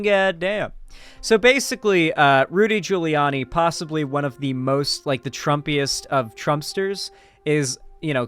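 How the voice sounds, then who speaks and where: Reading news pieces aloud as a commentary host, this man speaks on the high side with a bit of brightness. His political YouTube commentary is sarcastic and full of swearing, and he often leaves sentences unfinished.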